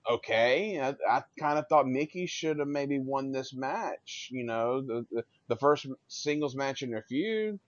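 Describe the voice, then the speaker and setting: A man's voice: medium pitch, a little slow, hardly any pauses, no room sound. A tired man in casual podcast chat, teasing and questioning the others. His voice sits mid-range, recorded dry with a dull, lo-fi sound. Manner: teasing, asks co-hosts questions. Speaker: podcast co-host.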